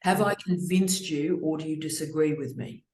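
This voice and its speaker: A middle-aged woman hosting an online discussion, talking in an effusive, expressive way over a video call. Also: sits low, normal speed, reverberant. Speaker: host. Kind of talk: casual webinar discussion.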